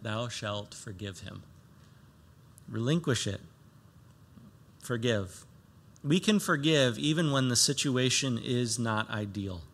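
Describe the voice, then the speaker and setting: A pastor preaching a sermon, reading scripture aloud and explaining it earnestly, with emphatic raised lines and soft low asides. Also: male voice.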